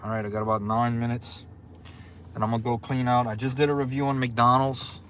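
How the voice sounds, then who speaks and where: A man from Louisiana with a Southern accent, chatting casually on a livestream and reading out viewer comments in a relaxed, drawling way. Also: medium pitch, fairly quick, a little hiss or hum. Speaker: livestream host.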